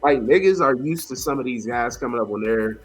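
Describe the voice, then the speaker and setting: A man's voice: medium pitch, lively intonation, fairly quick, breathy edge, faint music behind. A man co-hosting a casual wrestling chat, talking in a laid-back, dry way. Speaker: podcast co-host.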